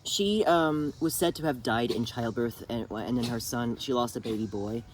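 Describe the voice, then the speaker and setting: There's a little hiss or hum as a channel host with a medium-pitched voice at normal speed casually walks a friend through a TV drama. The retelling meanders with many fillers and restarts, punctuated by sudden laughter.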